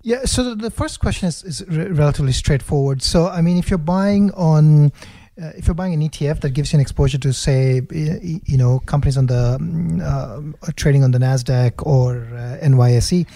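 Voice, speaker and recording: Higher-voiced man explaining investing. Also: dark tone. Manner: measured explainer with hesitant restarts. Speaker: investing expert co-host. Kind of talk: casual explanatory chat.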